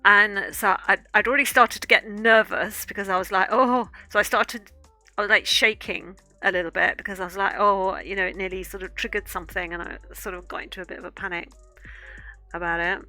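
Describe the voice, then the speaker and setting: A woman's voice: medium pitch, fairly even intonation, brisk, sharp tone, faint music behind. A woman art streamer casually telling a rambling story while she draws, with lots of fillers and restarts.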